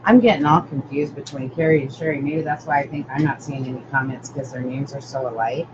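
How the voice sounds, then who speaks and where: A rumbling low voice, a little fast, belongs to an older woman hosting a craft tutorial live-stream. Chatty and rambling, she greets viewers by name as she works; the audio is dull and lo-fi with constant noise.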